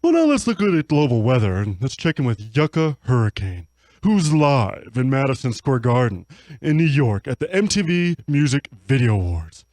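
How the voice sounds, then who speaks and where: A man hosts as a mock news anchor on an improv comedy radio show. His pitch bounces around a lot, and he is recorded dry and close in a radio studio. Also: sing-song, normal speed, a little mellow, no room sound. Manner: mock-anchor, stammering asides.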